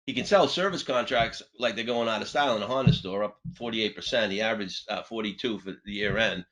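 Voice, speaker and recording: Brief: man, sales trainer, bright tone, animated storyteller. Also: fairly quick, low-quality recording. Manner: animated, punchy delivery with big pitch swings. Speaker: sales trainer and webinar host. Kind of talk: storytelling on a webinar panel.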